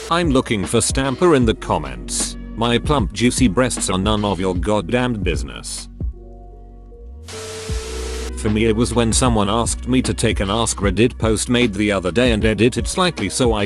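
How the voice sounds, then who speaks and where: A man's voice: fairly low pitch, animated, moderate pace, over music. A man narrating a string of online posts aloud, reading each one in turn in a scripted narration style.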